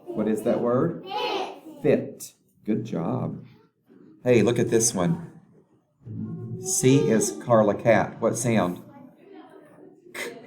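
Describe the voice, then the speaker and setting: A man teaching a phonics lesson to young children, slowly sounding out letters and words with patient prompts. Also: lowish voice, creaky.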